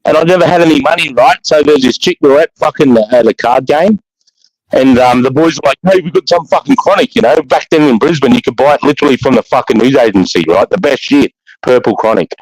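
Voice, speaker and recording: A man with an Australian accent rattles off a rowdy story at high speed, swearing freely and tripping over his own restarts. His voice sits in an ordinary middle register and sounds close and dry, with no room around it. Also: no echo, rough recording. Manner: rapid, profane and animated, full of restarts. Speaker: podcast storyteller. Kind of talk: casual storytelling chat.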